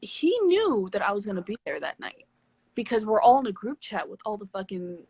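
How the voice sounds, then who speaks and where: Husky-voiced woman telling a story. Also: medium pitch, fairly quick, dry recording. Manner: candid, swearing, animated storyteller. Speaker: live stream host. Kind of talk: casual storytelling chat. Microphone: phone on a live stream.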